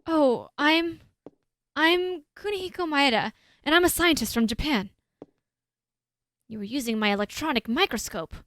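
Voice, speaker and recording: A woman's voice: high-pitched, lively intonation, moderate pace, long pauses, fairly bright tone, dry recording. A woman playing a timid, stammering male scientist. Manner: hesitant, stammering, apologetic.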